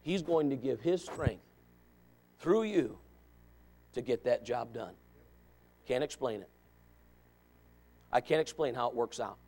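A man preaching a sermon as associate pastor, folksy and joking, swinging from quiet asides to loud shouted exhortation. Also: mid-range voice, lively intonation, unhurried, creaky, pauses often, breathy edge. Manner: folksy, joking, with sudden dramatic emphasis.

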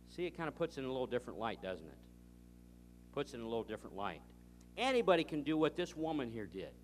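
A man preaching, telling a story with animated dialogue and reading scripture. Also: mid-range voice, fast talker, faint music behind. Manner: animated storytelling, acting out both sides of a dialogue. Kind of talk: sermon with anecdotes.

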